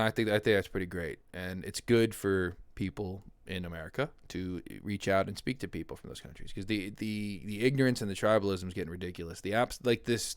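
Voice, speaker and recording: A man's voice: on the low side, clean tone, no room sound, clean studio sound. A young man hosting his own livestream, chatting casually and rambling from topic to topic. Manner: rambling, chatty, laughs easily. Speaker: livestream host. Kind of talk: casual chat.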